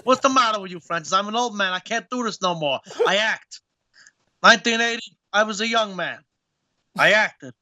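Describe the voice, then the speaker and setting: A man doing an impression of a famous older film actor, mumbling and repeating himself in a halting, grumbling way. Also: high voice, expressive, sharp tone, dry recording, full character voice. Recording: dull lo-fi clip.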